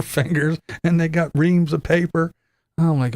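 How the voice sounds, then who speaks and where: An older man with a gravelly, creaky voice delivers a profane, sarcastic rant. He laughs often between his complaints. The recording is dry and close, with no room sound. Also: on the high side, animated, moderate pace, darkish tone, no echo. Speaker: vlogger. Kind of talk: ranting monologue.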